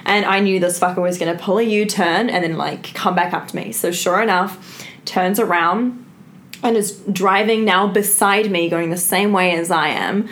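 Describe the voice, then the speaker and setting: A woman's voice: on the low side, fairly even intonation, moderate pace, a bit bright. Emphatic woman telling a story, swearing freely. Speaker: co-host. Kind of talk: casual storytelling.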